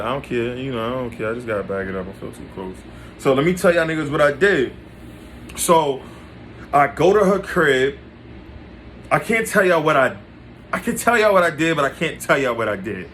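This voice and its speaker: A man's voice: mid-range voice, a bit bright, a little hiss or hum. A man telling a confessional personal story to his listeners, in casual, slang-heavy talk full of restarts and direct asides. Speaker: podcast storyteller.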